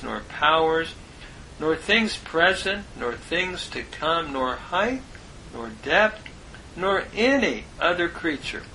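A man giving a slow, measured Bible lesson, parsing Hebrew grammar word by word. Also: a little high, sharp tone, slight background noise, low-quality recording. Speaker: Bible teacher.

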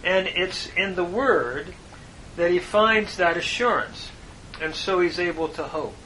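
A man teaches scripture in a measured, unhurried way, leaning on key words for emphasis. His voice is bright and sits a little high. A faint low rumble runs behind him. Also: poor audio. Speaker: Bible teacher. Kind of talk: devotional Bible lesson with Hebrew word study.

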